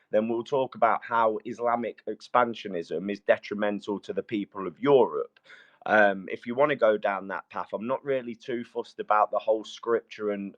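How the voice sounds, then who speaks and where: A middle-aged British man in a heated live audio debate, blunt and combative, who keeps complaining about being interrupted. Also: lowish voice. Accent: British English. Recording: dull lo-fi call audio.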